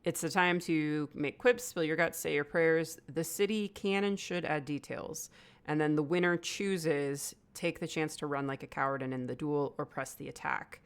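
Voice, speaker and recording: Low gravelly woman running a game. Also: moderate pace. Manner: relaxed, chatty, thinks aloud with fillers. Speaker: game master.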